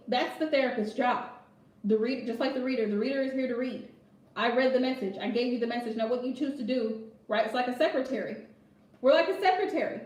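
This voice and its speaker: A woman's voice: fairly high pitch, a little mellow, echoey room. A woman tarot reader talking bluntly and emphatically in a casual advice vlog, often checking in with "right?". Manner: blunt, emphatic, repeats her point with "right?".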